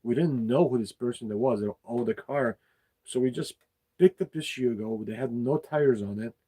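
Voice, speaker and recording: A man's voice: medium pitch, normal speed, warm tone, slightly rough, poor audio. A man hosting an unscripted talk show, telling a childhood story in a candid way and swearing freely. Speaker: podcast host.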